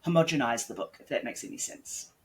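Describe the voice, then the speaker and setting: A man's voice: medium pitch, expressive, fast talker. A man on a casual podcast interview, talking bluntly and swearing freely, rambling with lots of "like" as he explains his work. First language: English. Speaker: guest author and editor.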